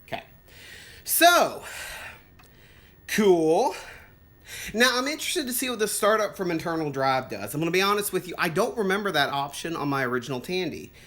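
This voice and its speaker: A middle-aged vlogger excitedly setting up an old home computer, thinking aloud and tripping over words with delight. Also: medium pitch, normal speed, long pauses. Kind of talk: casual unboxing and setup commentary.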